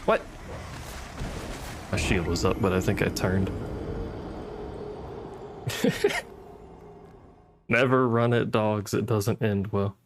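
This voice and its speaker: A man's voice: lowish voice, drawn-out words, pauses often, over music. A man giving casual, wry commentary as he plays a game, muttering and swearing at enemies. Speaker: gaming streamer.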